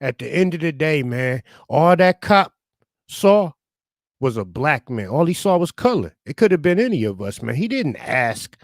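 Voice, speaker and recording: A man's voice: fairly high pitch, very animated, normal speed, dry recording. A man giving impassioned political commentary as a talk radio panelist, talking into a studio microphone and filling his speech with "you know" and "man".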